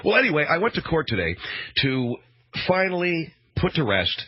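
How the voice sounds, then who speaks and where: A man's voice: on the high side, sing-song, moderate pace, breathy edge, no echo. A man hosting a radio talk show, rambling through a sarcastic, mock-outraged monologue. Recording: dull, dry radio broadcast.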